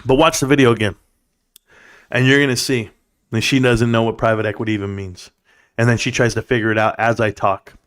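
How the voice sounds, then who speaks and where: A man hosting a casual livestream, ranting and mocking in an animated way as he reads viewer comments. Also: medium pitch, brisk. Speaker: livestream host.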